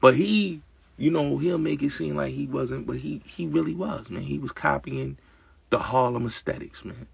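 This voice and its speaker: A man's voice: medium pitch, moderate pace, no room sound. A man hosting his own show, talking in a casual, emphatic and streetwise way and repeating his points with lots of fillers. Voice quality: gravelly, raspy voice. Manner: emphatic, repetitive, streetwise talk. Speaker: show host. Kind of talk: casual opinionated monologue.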